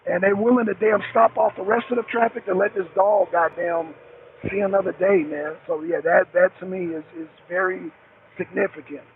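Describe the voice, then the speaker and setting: A high-sitting voice with vocal fry and fairly even intonation comes through a tinny phone line with faint hiss. It's a middle-aged truck driver on a call-in talk show, talking at normal speed, rambling, repeating himself, and swearing heavily.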